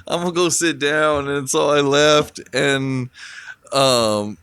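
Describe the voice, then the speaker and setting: Smooth-voiced laid-back podcast co-host man. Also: on the high side, fairly even intonation, very slow, long pauses, a bit bright, no room sound. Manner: laid-back, laughs often while talking. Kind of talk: casual chat.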